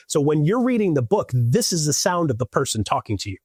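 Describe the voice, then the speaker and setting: A man chatting as a podcast guest, rambling and restarting his sentences as he goes. His voice sits a little high and sounds husky. The sound is dry, with no room echo. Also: sing-song, quick pace, few pauses, darkish tone. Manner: loose, rambling talk full of restarts and "like". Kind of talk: casual podcast chat.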